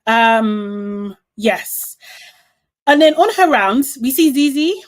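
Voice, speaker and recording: A woman's voice: a little high, expressive, takes it slowly. A woman co-hosting a podcast, recapping a reality show in casual chat and acting out quotes with lots of laughter. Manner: chatty, laughs often, acts out quotes. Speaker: podcast co-host.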